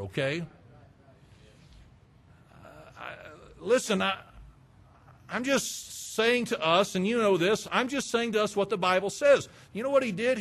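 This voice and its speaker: A man preaching a sermon, fervent and emphatic, breaking into loud bursts. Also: sits high.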